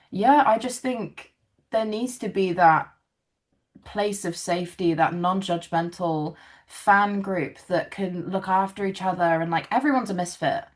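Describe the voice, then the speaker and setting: A British woman in her twenties, a singer chatting casually as an interview guest, talkative and self-mocking, with many "like"s. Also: fairly low pitch. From United Kingdom.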